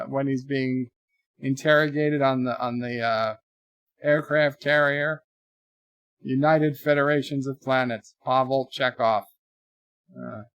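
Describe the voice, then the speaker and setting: Man, forties, livestream host, casual chatter, reads viewer comments, higher-pitched voice. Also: a bit bright, clear, resonant tone, dry recording, studio quality. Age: 40s. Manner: chatty, reads viewer messages aloud in a lifted voice. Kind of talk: casual live commentary, reading viewer chats.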